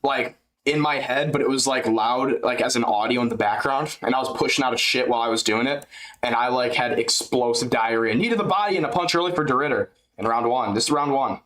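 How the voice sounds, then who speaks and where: A young male streamer talks over a live fight broadcast in a casual, rambling way, tossing out crude jokes. His voice sits at an ordinary middle pitch. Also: a little fast, a bit bright. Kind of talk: live fight-companion chat.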